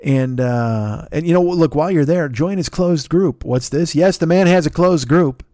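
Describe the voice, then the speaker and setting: A tired man in his forties hosting a comedy podcast, rambling through shout-outs with yawns, swearing and self-mockery. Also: a little high, moderate pace, no echo, studio quality. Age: 40s. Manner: rambling, profane, self-mocking, sleepy. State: tired and yawning. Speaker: podcast host. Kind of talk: solo comedy podcast plug segment.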